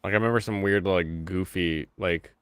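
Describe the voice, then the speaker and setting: A man's voice: low-pitched, normal speed, clear, resonant tone, dry recording. A man hosting a stream, chatting casually and hesitantly with many fillers. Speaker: streamer host. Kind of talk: casual chat.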